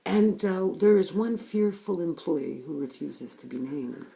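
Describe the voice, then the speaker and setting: A woman's voice: fairly low pitch, lively intonation, unhurried, vocal fry, dark tone, voice pushed up. Woman mimicking a breezy, dismissive male coworker. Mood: mock-cheerful. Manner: mock-cheerful, sarcastic.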